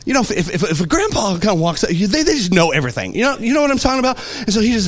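Animated preacher man, fairly high voice. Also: racing, hardly any pauses. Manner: animated storytelling, acts out voices. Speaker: pastor. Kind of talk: sermon.

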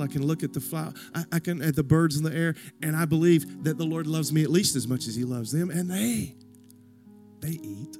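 A middle-aged man preaching a sermon, telling personal stories and acting out the voices in them, building to emphatic encouragement. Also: on the high side. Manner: storytelling, acts out quoted voices, rising to emphatic exhortation. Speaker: pastor.

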